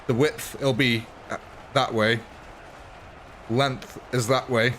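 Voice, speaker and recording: A man's voice: mid-range voice, steady tone, takes it slowly, fairly bright tone, slight background noise. A man giving chatty, amused live commentary on a strategy game while thanking viewers and answering chat. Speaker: game streamer.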